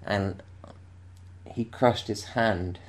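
A man's voice: fairly low pitch, steady tone, very slow. A man from England telling a rambling anecdote in casual chat, often restarting and laughing. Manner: rambling, self-interrupting, laughing storyteller.

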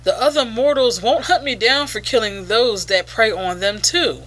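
A female vampire torn by guilt over her kills, read out in a bright, dramatic tone by a woman reviewing a comic. The delivery sits a touch above ordinary talk and leans on the drama of the lines. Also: fairly high pitch, moderate pace, low-quality recording. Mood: self-justifying. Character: remorseful female vampire, guilty then self-justifying.

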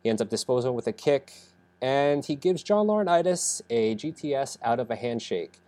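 A man's voice: medium pitch, lively intonation, normal speed, warm tone. A young man who says he is sick, rambling through a casual podcast recap with many fillers and self-corrections. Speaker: podcast host reviewing wrestling.

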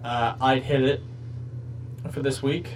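A man's voice: medium pitch, level tone, slow, distant mic, a little hiss or hum, rough recording. A man hosting a podcast, rambling through crude comedic bits in casual chat. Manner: jokey, rambling, crude humor. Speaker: podcast host.

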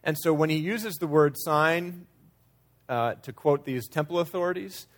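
A man's voice: a little high, measured pace. A man preaching a sermon in a conversational way, sometimes acting out quoted lines with changing emphasis. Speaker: pastor.

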